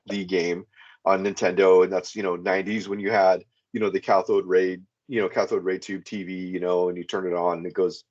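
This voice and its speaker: A man's voice: sits low, level tone, brisk, a little mellow. A man calling into a podcast, telling a long personal story in a rambling way, with many fillers. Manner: rambling, frequent "you know" fillers. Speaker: podcast caller. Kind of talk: casual first-person storytelling. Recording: dull lo-fi sound.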